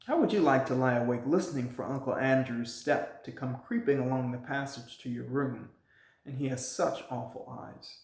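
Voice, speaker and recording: A wound-up, miserable young boy talks earnestly at a middling pitch, as a man reading a children's novel aloud plays him. The storybook reading rings with room echo. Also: moderate pace, creaky, darkish tone, lightly acted. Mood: ominous.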